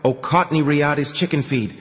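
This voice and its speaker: A man's voice: a little high, normal speed, long reverb tail, voice pushed up, close to an everyday voice. A man voicing a tense young man in his twenties who speaks urgently and insistently. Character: young male wanderer, tense and pleading.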